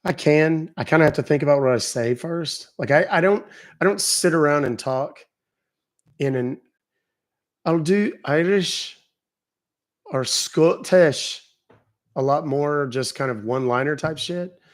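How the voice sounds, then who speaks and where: A man's voice: on the high side, moderate pace. A man hosting a live stream, chatting casually and profanely with his audience and joking around. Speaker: livestream host.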